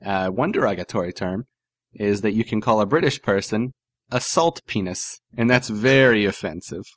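Male podcast co-host, sarcastic and animated, close dry studio sound. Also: on the low side, normal speed, no room sound. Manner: animated, sarcastic, laughs often. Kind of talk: casual podcast banter.

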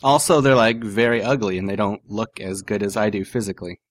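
A man co-hosting a podcast in casual banter, animated and sarcastic, laughing often. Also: on the low side, fairly quick. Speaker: podcast co-host.

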